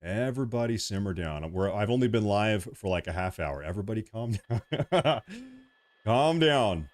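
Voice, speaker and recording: A man's voice: on the low side, normal speed. A man hosts a livestream and rants in heated bursts. He reads out viewer comments between the outbursts. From United States. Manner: agitated ranting, then calming down. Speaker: livestream host.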